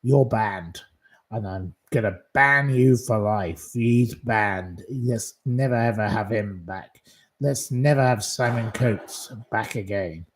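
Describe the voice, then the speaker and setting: A man's voice: fairly low pitch, takes it slowly. A man hosting his own channel, delivering an angry, scolding rant full of insults. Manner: indignant, scolding, hurling insults. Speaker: channel host.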